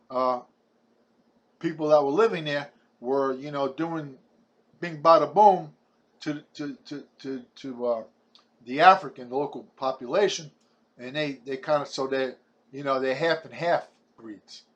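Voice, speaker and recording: A man's voice: medium pitch, a little slow, lo-fi sound. A man, delivering a blunt, combative ranting monologue full of stumbling restarts. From Brooklyn, New York. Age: 70s. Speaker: vlogger.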